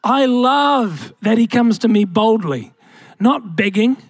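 A man's voice: high voice, animated, slow, no room sound. A young man preaching a sermon as pastor, asking the congregation rhetorical questions and calling out to them.

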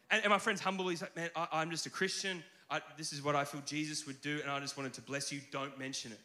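Male pastor, sermon delivery, bright voice, chatty animated storyteller, echoey hall. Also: a little high, quick pace, hardly any pauses. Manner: conversational, animated storytelling with filler restarts.

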